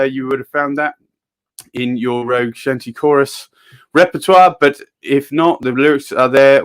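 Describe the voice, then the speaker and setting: A man hosting a livestream in casual chat and reading viewers' comments aloud. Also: medium pitch. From England. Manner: chatty, reads out viewer comments. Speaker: livestream host.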